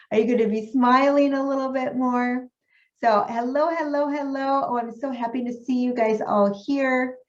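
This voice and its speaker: A woman's voice: fairly high pitch, darkish tone. A woman coach teaching a live webinar, upbeat and encouraging, asking her audience questions over a video call. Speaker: health coach trainer. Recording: echoey room, dull lo-fi sound.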